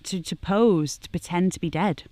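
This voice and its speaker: A woman's voice: lowish voice, moderate pace, warm tone, dry recording. A woman, a podcast guest who swears freely and laughs easily, chatting and reading out a true-crime account in a garden. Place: a home garden outdoors.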